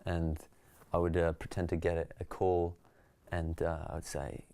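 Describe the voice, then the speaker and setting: An Australian man, a stand-up comedian, telling stories in a relaxed, reflective way during an interview. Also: low-pitched, moderate pace. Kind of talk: interview conversation.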